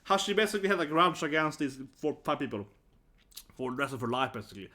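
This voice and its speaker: A Swedish man in his thirties tells a story in a loose, casual vlog style. He is blunt and animated, and his voice sits a little on the high side. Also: fast. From Sweden. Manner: animated, blunt, swears and laughs often. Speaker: vlogger.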